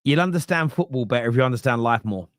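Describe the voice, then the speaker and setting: A man's voice: medium pitch, animated, fast talker, dry recording, studio quality. A man hosting a football fan podcast, chatting casually and sarcastically while reading out viewer comments. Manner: sarcastic, joking, rambling.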